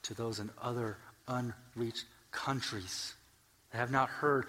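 A man preaching a sermon in a church, swinging between soft, earnest explanation and loud, emphatic peaks as he reads scripture, with joking asides. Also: medium pitch, fairly even intonation, normal speed. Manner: builds scripture lists to loud, emphatic climaxes. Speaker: pastor. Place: church sanctuary.

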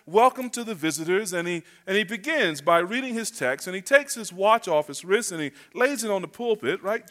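A man's voice: sits high, sharp tone. A man from North Carolina preaching as a guest pastor, telling funny stories in a folksy, chatty way. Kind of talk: sermon with humorous storytelling. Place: church.

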